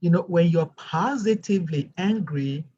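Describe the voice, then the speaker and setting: A woman with a non-American English accent, telling her story as a guest teacher in a lively storytelling way. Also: lowish voice, normal speed, breathy edge, lo-fi sound. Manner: animated storyteller, acts out quoted voices. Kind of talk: storytelling interview chat.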